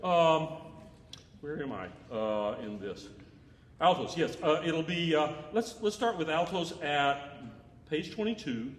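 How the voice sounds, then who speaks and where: A man's voice: on the high side, a little hiss or hum. A man directing a choir rehearsal, counting in, singing example phrases and cracking jokes. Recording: echoey hall with long reverb.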